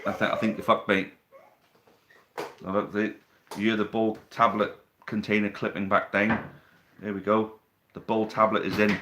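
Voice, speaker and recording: A man's voice: fairly low pitch, pushed and bright, a little hiss or hum. A man hosting a casual live stream from home, chatting, reading out viewer questions and teasing them, recorded on a phone on a tripod. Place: living room at home.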